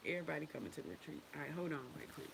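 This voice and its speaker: A woman's voice: low voice, rapid-fire, creaky, slight background noise. A woman leading a women's wellness group on a casual livestream, blunt and profane, candid and affectionate, and laughing often.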